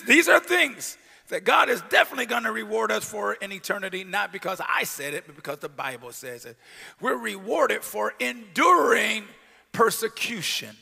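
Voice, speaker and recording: A male pastor preaching a sermon, shouting out scripture and breaking into casual asides to his congregation. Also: high voice, vocal fry, slightly rough. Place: church sanctuary. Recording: long reverb of a church hall.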